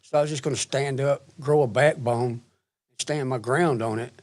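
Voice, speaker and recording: A man testifies on the stand. His pitch sits in the ordinary middle range for a man. He talks plainly and haltingly, with restarts, walking through what happened one step at a time. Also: fairly even intonation, a little mellow. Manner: plain-spoken, halting, recounting events step by step. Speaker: witness testifying in court. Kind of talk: courtroom testimony. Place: courtroom.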